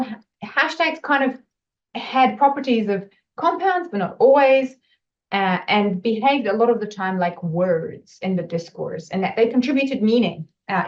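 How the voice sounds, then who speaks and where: A woman researcher presents her linguistics work in a recorded talk. She speaks in a measured way at a middle pitch and often pauses on um and uh. The audio is slightly dull and lo-fi. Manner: measured, with frequent um and uh fillers.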